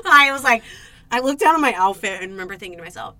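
A young woman co-hosting a podcast, telling a dating story in casual chat, animated and swearing, acting out her own reactions. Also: sits high, fast talker, dry recording. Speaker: podcast co-host.

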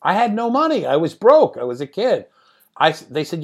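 A man in his sixties, a guest in an interview, telling anecdotes from home in a lively way, often laughing and swearing. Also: on the high side, a little fast. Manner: animated, laughing, profane.

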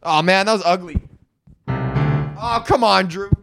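Male podcast host, rambling profane rant, laughs through it, slightly high voice. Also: slow pace, vocal fry, music in the background. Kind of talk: casual ranting monologue.

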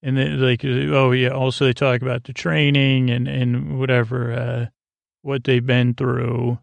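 A man's voice: medium pitch, little pitch movement, a little slow, gravelly, dry recording. A man hosting a podcast, recapping a TV episode in a rambling, casual way with lots of fillers. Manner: rambling, loose paraphrase with many fillers.

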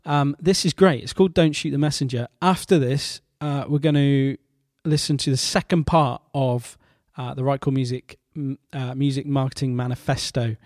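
Male host, casual and halting, dry close sound, mid-range voice. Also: medium pitch, fairly even intonation, darkish tone, no echo. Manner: halting, many fillers and restarts, wry asides. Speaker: radio show host. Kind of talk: casual show presenting.

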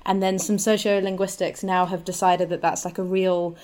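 A woman's voice: lowish voice, flat delivery, moderate pace, a little mellow. A woman guesting on a comedy panel podcast, chatting in a rambling way with lots of fillers. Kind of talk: casual comedic panel chat.

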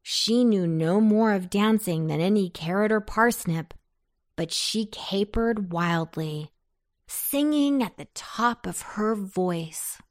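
Slow, gentle woman storyteller. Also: medium pitch. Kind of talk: children's storybook reading.

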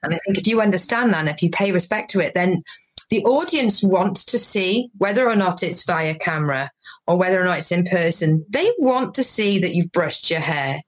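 A woman's voice: fairly low pitch, normal speed. A woman from the UK, a comedian, telling stories in a podcast conversation over a video call and acting out quotes. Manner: animated storyteller, acts out quotes. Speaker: comedian guest.

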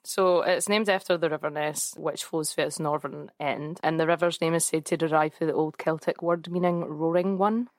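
A woman's voice: sits low, steady tone, normal speed, few pauses, no room sound, studio quality. A young Scottish woman co-hosting a podcast, chatting casually, telling stories and laughing often. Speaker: podcast co-host. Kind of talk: casual chat.

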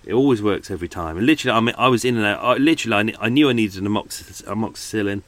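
A man's voice: on the low side, racing, fairly bright tone, no room sound. A middle-aged man hosting a podcast at home, tired and chatting in a rambling, self-correcting way. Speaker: podcast host. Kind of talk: casual chat. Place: at home indoors.

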